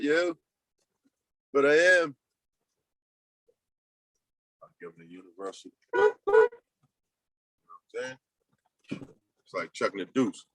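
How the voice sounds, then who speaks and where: A man's voice: medium pitch, wildly swooping pitch, slow, pauses often, fairly bright tone, no room sound, poor audio. A man hosting a casual livestream, rambling loosely and talking to his chat and to himself. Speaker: livestream host.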